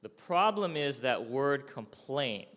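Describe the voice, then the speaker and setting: A man preaches in an easy, conversational way, pausing to ask his listeners "okay?" and "right?". His voice sits at an ordinary middle pitch. It rings out in a large hall with a long tail of reverb. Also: big pitch swings, fairly bright tone. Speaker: pastor. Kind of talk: sermon.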